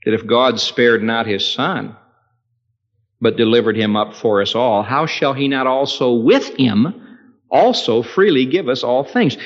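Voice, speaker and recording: A man preaching a sermon with strong emphasis, his voice swelling loud and high on key words and then dropping low, telling a story with acted dialogue. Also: a little slow. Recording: echoey hall, dull lo-fi sound.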